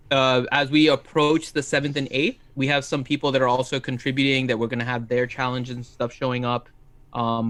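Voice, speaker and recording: A man's voice: medium pitch, fairly bright tone, dry recording. Man reading out viewer questions. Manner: easygoing, laughs while reading. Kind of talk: casual livestream chat.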